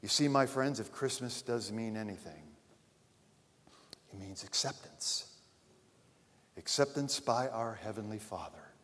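A man preaching a sermon, telling a story and then addressing his congregation earnestly, rising loud and falling to a hush. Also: fairly low pitch, animated, unhurried, long pauses, breathy edge. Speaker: pastor. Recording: long reverb of a large hall.

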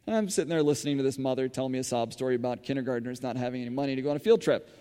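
A man's voice: mid-range voice, rapid-fire, warm tone, clear, resonant tone. A man giving a conversational sermon, telling stories full of fillers and restarts in a church hall. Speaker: church speaker running a school farm. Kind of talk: sermon-style storytelling. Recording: long hall reverb.

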